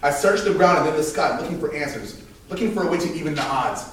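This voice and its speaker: A man in his thirties telling a personal story live at an open mic, animated and laughing between lines, recorded from a distance in a very echoey room. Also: fairly high pitch, fast, slight background noise. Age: 30s. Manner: animated, laughing between punchlines, acting out voices.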